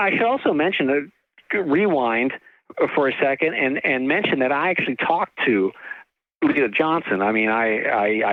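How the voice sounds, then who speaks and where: Halting storyteller on a tinny line. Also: male voice, medium pitch, dry recording. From California. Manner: halting, full of restarts and fillers, laughs often. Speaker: author and guest. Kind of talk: casual storytelling interview.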